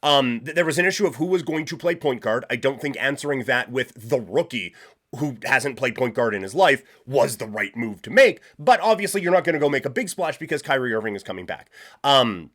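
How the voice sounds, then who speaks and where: A male sports talk host delivers blunt, opinionated takes in a loose, rambling way. He starts over often and leans on fillers, and his voice sits at an ordinary middle pitch for a man. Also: a bit bright. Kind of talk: casual sports commentary.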